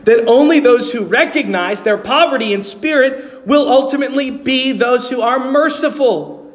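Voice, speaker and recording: A man preaching a sermon as pastor, earnestly asking his congregation questions as he explains. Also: high-pitched. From New York City. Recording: long hall reverb.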